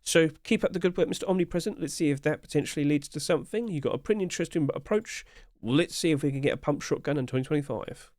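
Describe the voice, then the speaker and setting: A man's voice: on the high side, fast, darkish tone, no echo, clean studio sound. A man giving casual, upbeat commentary as he reviews game skins, chatting along with light chuckles.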